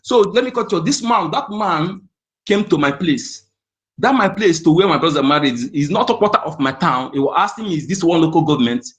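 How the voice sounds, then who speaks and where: A man's voice: fairly high pitch, expressive, a little fast, fairly bright tone. A man calling in, speaking heatedly and insistently, repeating himself as he presses his point. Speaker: caller. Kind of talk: impassioned call-in speech.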